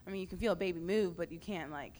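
A young woman on a youth panel giving halting testimony with many fillers and restarts. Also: fairly low pitch, a little mellow. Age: young adult. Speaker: panel speaker. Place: large hall at a youth camp. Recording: echoey hall, faint background noise.

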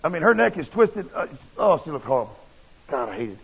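A man's voice: fairly high pitch, big pitch swings, quick pace, gravelly, fairly bright tone, husky. A man preaching a sermon, telling a personal story in a folksy, blunt and emphatic way. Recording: dull lo-fi recording.

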